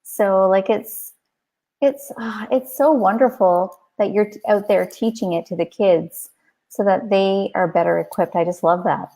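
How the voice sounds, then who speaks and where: A woman's voice: medium pitch, measured pace, mellow, rough recording. Chatty woman in her forties hosting. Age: 40s. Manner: chatty, encouraging, uses many fillers. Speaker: podcast host. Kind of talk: casual interview chat.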